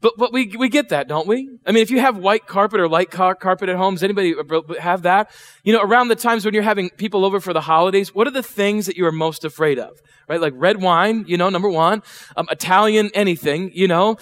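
Man, middle-aged pastor, high voice, conversational sermon. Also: fast, a bit bright. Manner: conversational, asks the congregation questions, acts out voices. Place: church.

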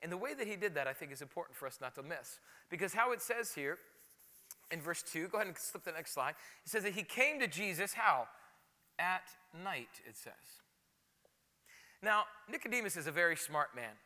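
A man preaching a sermon as pastor, animated and conversational, often repeating words for emphasis. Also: high-pitched, brisk, long reverb tail.

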